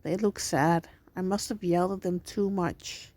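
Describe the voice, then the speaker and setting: Slow, deliberate woman reading horror. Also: on the low side, steady tone, a little mellow, no echo. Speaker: channel host and story reader. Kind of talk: scripted horror story narration.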